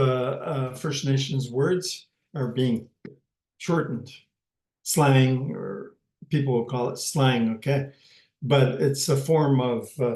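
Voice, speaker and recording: A man teaching a language class slowly and patiently, pausing often and repeating words as he explains them. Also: medium pitch, darkish tone. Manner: hesitant, many pauses and fillers, repeats words. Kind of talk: slow, patient language lesson. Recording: roomy echo.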